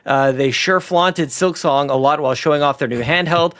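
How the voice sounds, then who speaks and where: A man's voice: fairly high pitch, normal speed, fairly bright tone. A man hosting a gaming podcast, steering the chat and reading out listener comments. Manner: steers the talk, introduces segments. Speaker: podcast host.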